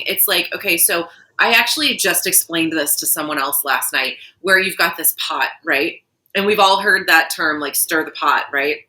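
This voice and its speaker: Bright-voiced woman, earnest spiritual talk. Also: low voice, low-quality recording. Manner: earnest, storytelling with vivid imagery. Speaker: podcast co-host. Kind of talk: casual spiritual chat.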